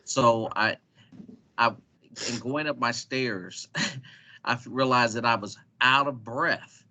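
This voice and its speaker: A man with a bright, forceful voice hosting a webinar over a video call. He talks in a chatty, relaxed way, telling a story with a laugh here and there. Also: mid-range voice, slow pace. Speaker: webinar moderator. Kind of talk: casual chat.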